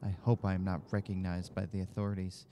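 A man's voice: sits low, level tone, fast talker, mellow, slight background noise, pitched below the performer's own voice, close to an everyday voice. A man reading a game journal aloud in a put-on Irish or Scottish accent, voicing an exiled war veteran. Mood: solemn. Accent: mock Irish or Scottish.

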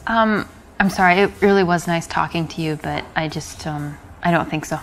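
Woman acting as blunt unimpressed young woman, live-action game, lowish voice, faint music behind. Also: moderate pace, natural voice, rough recording. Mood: apologetic. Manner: dry, blunt, polite refusals.

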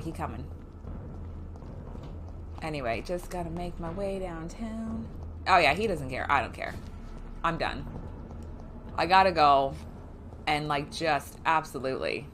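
There's background noise behind this woman's low-pitched voice as she streams a game. Her live gameplay chat is casual and chatty, full of profanity and self-mockery.

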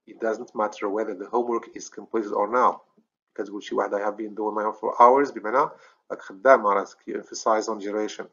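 Rapid-fire and fairly even in intonation, a male English teacher with a Moroccan accent explains grammar step by step in a recorded lesson, checking "okay?" often and correcting himself. His voice is lowish and a bit bright, but the audio is dull.

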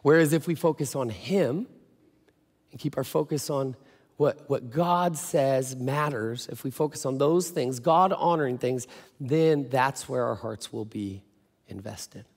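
A man's voice: medium pitch, unhurried, darkish tone, breathy edge. A male pastor giving a sermon in a casual, joking storytelling way. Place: church. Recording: echoey church hall.

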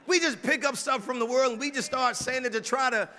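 A male pastor preaching a sermon in a church, animated, dropping to quiet asides and rising to shouted mimicry. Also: very high voice, fairly quick, big-room sound. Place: church sanctuary.

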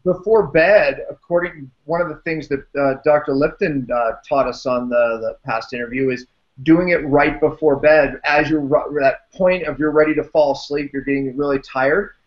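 A male show host talks fast and eagerly, tossing in quick asides. His pitch sits a little high. The sound is dull and lo-fi. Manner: energetic, quick, says "right?" often. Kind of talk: interview conversation.

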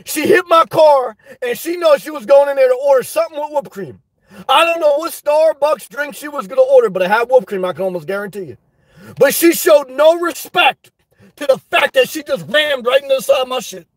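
A man hosting a live stream, reading chat and telling a story in a loud, animated way, swearing often. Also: extremely high pitch, a little fast, dry recording. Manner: animated, loud, swears a lot, repeats himself. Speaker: livestream host reading chat. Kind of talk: casual livestream rant.

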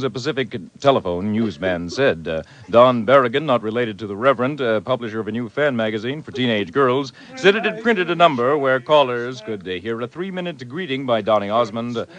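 A man reading quirky news items on a live radio comedy show in a plain, matter-of-fact way, with small hesitations. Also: mid-range voice.

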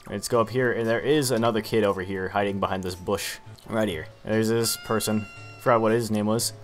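A man's voice: on the low side, steady tone, a little fast, soft background music. Casual young man narrating gameplay. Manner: casual, self-mocking, rambling. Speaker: gamer. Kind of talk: let's play commentary.

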